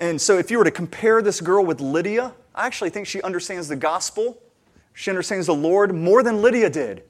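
A man preaching a sermon, earnest and conversational, often restarting his sentences and building to emphatic, louder peaks. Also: a little high. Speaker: pastor.

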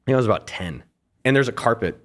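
A middle-aged man talks quickly as an interview guest, rushing through anecdotes. His pitch sits in the middle range, and he often backs up to restart a sentence before carrying on. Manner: fast, animated storyteller with frequent restarts. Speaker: podcast guest, entrepreneur. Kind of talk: casual interview storytelling.

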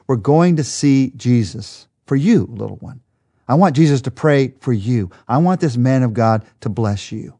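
A hopeful young mother , as a male Bible teacher puts her on, speaking to her little one in a slow, hushed and tender way. The voice stays in a middling register, with no big change from the teller's own sound. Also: mid-range voice, animated.

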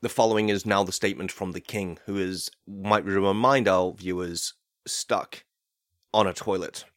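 A man voicing a flustered male news anchor who stumbles through a fast, mock-urgent bulletin. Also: deep voice, fairly even intonation, fairly bright tone, no room sound, clean studio sound.

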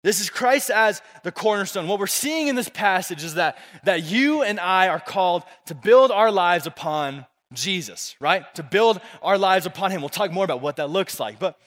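This young pastor's high, expressive voice moves at normal speed with hardly any pauses and a fairly bright tone. He preaches casually and repetitively to youth, regularly having the crowd echo words after him. A big room's long reverb fills the recording.

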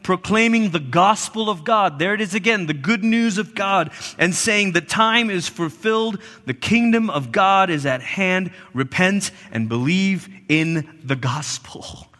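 Pastor, male, high bright voice, animated storyteller, echoing sanctuary. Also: a little slow, hardly any pauses. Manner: animated storytelling with playful asides. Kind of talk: sermon.

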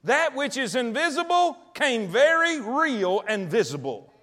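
A man's voice: very high-pitched, big pitch swings, unhurried, bright, forceful tone. A male preacher, delivering a folksy sermon and repeating phrases for emphasis. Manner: storytelling, talks directly to the congregation.

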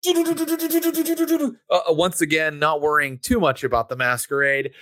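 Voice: medium pitch, moderate pace, bright, forceful tone, dry recording. A game master narrating a tabletop game in a loose, rambling way, full of ums and likes. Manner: rambling, many ums and likes, laughs often.

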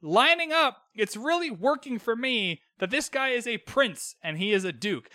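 A man's voice: high voice, pushed and bright, no room sound, studio quality. A young man from Canada recapping a show on his solo podcast, chatty and cheeky. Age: young adult. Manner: chatty and cheeky, quick quoted asides. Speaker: podcast host.

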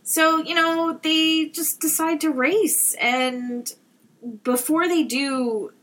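A woman's voice: high voice, fairly even intonation, slow pace, fairly bright tone, low-quality recording. A woman co-hosting a podcast, chatting casually and recapping a TV episode with lots of fillers. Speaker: podcast co-host.

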